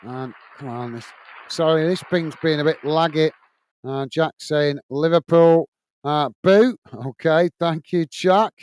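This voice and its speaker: A man in his forties, a football channel host from England, chatting through viewer comments on a live watch-along and grumbling at laggy software. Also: a little high, takes it slowly, smooth.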